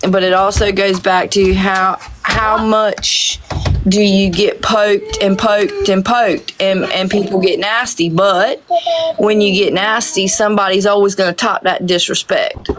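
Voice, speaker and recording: A woman on a livestream slowly telling a story, with many hesitant pauses. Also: mid-range voice, fairly even intonation, noisy background. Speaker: livestream guest. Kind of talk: casual livestream chat.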